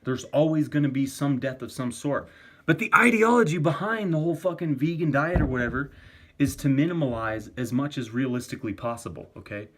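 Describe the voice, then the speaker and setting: A vegan vlogger argues for a plant-based diet in a casual rant, swearing often and repeating himself. His voice is medium-pitched, brisk and a bit bright.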